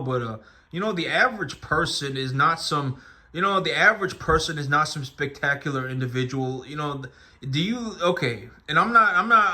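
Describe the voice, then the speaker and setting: Blunt, rambling man with a sharp voice. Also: a little high. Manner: rambling, many fillers and restarts, insistent; blunt, repeats points for emphasis. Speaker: livestock farmer. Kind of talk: unscripted monologue to viewers.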